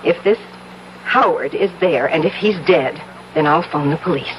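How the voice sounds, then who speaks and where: An actress playing a calm, controlling sister in a 1970s radio drama, soothing yet firm and a little patronizing. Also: female voice, low-pitched, moderate pace, close to an everyday voice, low-quality recording. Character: calm, controlling older sister, adult woman. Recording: old radio broadcast with clear background noise.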